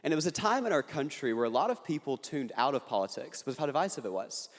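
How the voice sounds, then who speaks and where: A young man addresses a crowd from the stage with earnest conviction, mixing quick jokes into his points. His voice sits at an ordinary pitch, and the long reverb of a big hall trails behind every line. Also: lively intonation. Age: young adult. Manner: earnest, punchy delivery with jokes. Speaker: political speaker. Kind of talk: speech to an audience. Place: large hall on a university campus.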